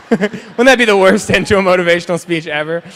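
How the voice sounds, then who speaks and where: A man with a high, bright voice speaks at a quick clip in a motivational keynote to young people. He jokes and acts out little scenes as he goes. His words ring with a long reverb from a large convention hall. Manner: joking, animated storyteller who acts out scenes. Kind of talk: comedic keynote speech to students.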